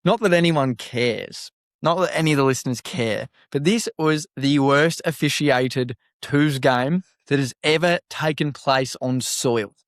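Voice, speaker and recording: An Australian man co-hosting a podcast, telling an animated story, swearing and laughing often. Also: medium pitch, unhurried, dry recording, clean studio sound. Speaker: podcast co-host. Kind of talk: casual chat.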